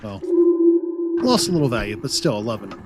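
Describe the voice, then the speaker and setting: A man's voice: fairly low pitch, sing-song, brisk, loud music behind the voice. Man chatting through a game stream. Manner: chatty, talks to himself while playing. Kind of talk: live gameplay commentary.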